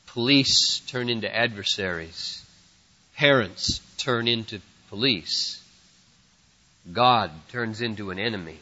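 A man preaching a sermon with a rhythmic delivery that builds to forceful peaks and sinks low again. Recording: muffled, reverberant hall.

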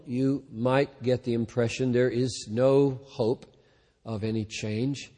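Slow, deliberate preacher in a big hall. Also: male voice, mid-range voice. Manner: slow, deliberate preaching that swells loud then falls to near-quiet. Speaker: pastor. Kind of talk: sermon.

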